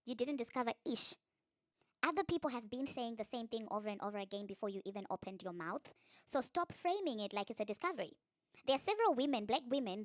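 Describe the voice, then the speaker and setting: A woman rants through celebrity gossip with biting sarcasm in a reaction vlog. Her voice sits a little high, and the recording is close and dry with no room sound. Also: no echo. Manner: sarcastic, ranting, mimics others in high mocking voices.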